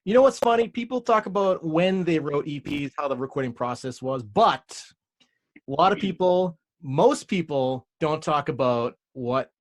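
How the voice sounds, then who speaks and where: A man who plays bass in a band, chatting casually and telling stories with jokes. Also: animated, normal speed. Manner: joking, storytelling. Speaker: band bassist. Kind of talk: casual chat.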